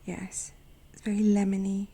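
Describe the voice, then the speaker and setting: A woman hosting a watercolor channel, chatting gently as she paints swatches, sometimes dropping to a soft near-whisper and making self-deprecating asides. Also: medium pitch, monotone, moderate pace, husky. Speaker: watercolor artist and channel host. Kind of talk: casual narration while painting swatches.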